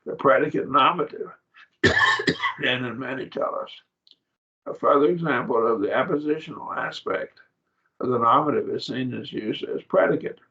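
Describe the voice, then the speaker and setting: A man teaching a Bible study class in a casual lecture, talking in halting phrases and repeating words as he explains. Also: mid-range voice, sharp tone. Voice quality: gravelly and husky. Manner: halting, repeats words, uses fillers and "see?". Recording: dull lo-fi classroom recording.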